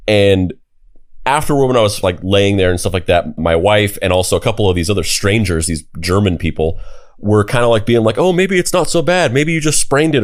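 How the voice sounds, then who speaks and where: Brief: young male podcast co-host, low voice, casual rambling storyteller, swears freely. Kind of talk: casual chat.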